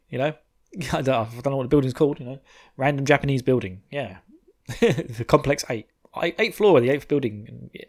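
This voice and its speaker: A man in his thirties co-hosting a podcast, casually recapping an anime episode in a rambling way, chuckling often and swearing freely. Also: medium pitch. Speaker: podcast co-host.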